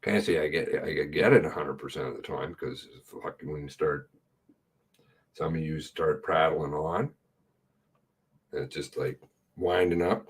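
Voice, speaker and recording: A middle-aged man giving casual, sarcastic running commentary on a livestream, blunt and quick to swear. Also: rumbling low, slightly rough.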